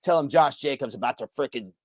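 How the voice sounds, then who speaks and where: A sports fan co-host talks excitedly and casually, loud and hyped, swearing and swinging his pitch up and down. His voice is medium-pitched and fast, with no echo in the recording.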